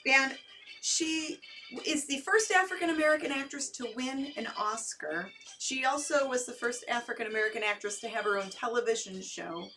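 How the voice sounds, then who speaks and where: A woman's voice: fairly high pitch, normal speed, sharp tone, recorded from a distance, soft background music, rough recording. A woman co-hosting a late-night movie show, chatting in an upbeat way with many fillers. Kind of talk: casual co-host chat.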